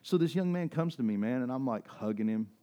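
A male pastor preaching a sermon, telling a personal story that swings between excited high bursts and soft emotional moments. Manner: storytelling with quick rises in pitch and drops to soft emotional asides. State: near tears at times.

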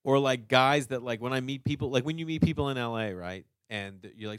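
A man with a Boston accent, a stand-up comic chatting casually as a podcast guest, animated and swearing freely. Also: medium pitch, a little fast, smooth, no echo. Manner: animated storyteller, swears, lots of "you know what I mean".

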